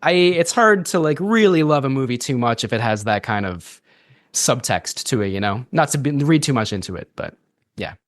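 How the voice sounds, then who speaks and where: A man's voice: mid-range voice, expressive, moderate pace, dry recording, studio quality. A man co-hosting a podcast, chatting casually about a movie, laughing often and talking through lots of fillers and restarts. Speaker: podcast co-host. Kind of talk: casual movie review chat.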